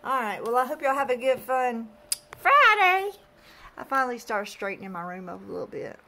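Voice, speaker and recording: A woman's voice: on the high side, fast talker, creaky, a bit bright, slight background noise. A woman, chatting casually to the camera in her bedroom and talking to her pets between rambling stories. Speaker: vlogger.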